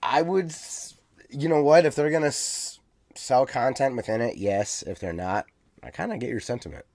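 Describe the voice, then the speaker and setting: A man co-hosting a casual podcast who often stumbles and restarts his sentences before settling into his point. He has a medium-pitched, everyday voice. The recording is dry and close. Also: moderate pace, a little mellow, no room sound. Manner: hesitant, restarts often, then gets enthusiastic. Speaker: podcast co-host. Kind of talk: casual chat.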